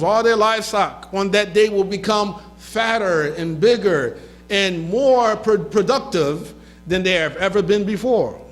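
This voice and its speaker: A high-pitched man lectures in a mosque, heard through poor audio. He reads hadith in Arabic and translates them into English, adding loose spoken asides and a quick laugh.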